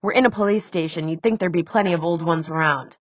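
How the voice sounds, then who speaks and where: A woman's voice: on the low side, fast, no echo, phone-quality sound, close to an everyday voice. A woman reading the part of a practical middle-aged man who leads a wolf pack, in a dry, matter-of-fact way. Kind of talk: audiobook character voice.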